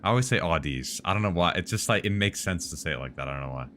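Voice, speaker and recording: A man's voice: deep voice, expressive, fast talker, a bit bright, slight background noise. A man streaming live, chatting casually about tech and answering viewers' questions in a rambling, joking way.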